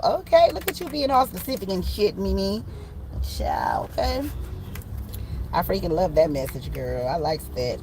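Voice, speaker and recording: A woman giving a casual tarot reading, animated and slangy, swearing and laughing often. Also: fairly low pitch, moderate pace, slight background noise, rough recording. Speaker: tarot reader.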